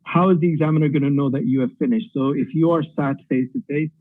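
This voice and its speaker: A man's voice: on the high side, steady tone, fast, dry recording, phone-quality sound. A middle-aged man from Pakistan, a radiology tutor giving direct exam advice in an online lecture, thinking aloud with fillers.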